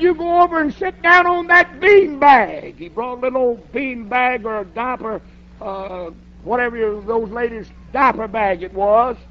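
An older man, a pastor telling a folksy story in a sermon and rising to shouts. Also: extremely high pitch. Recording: dull lo-fi sermon recording.

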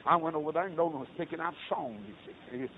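A middle-aged Baptist preacher, telling stories in a sermon and swinging from low talk to loud shouted peaks. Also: male voice, fast talker. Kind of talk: storytelling sermon. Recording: tinny lo-fi recording with faint hiss.

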